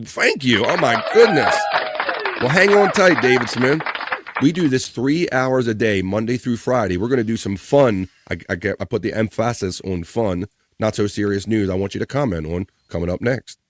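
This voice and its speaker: Against heavy background noise, a man runs a casual, playful live stream, reading out viewer comments, joking with the chat and shouting out names. His voice is mid-range at a moderate pace.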